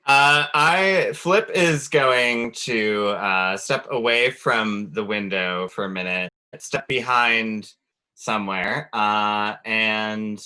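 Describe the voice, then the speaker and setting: A man playing a tabletop game, thinking aloud in a halting way. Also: lowish voice, pushed and bright, clean tone. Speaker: player. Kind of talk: casual tabletop play.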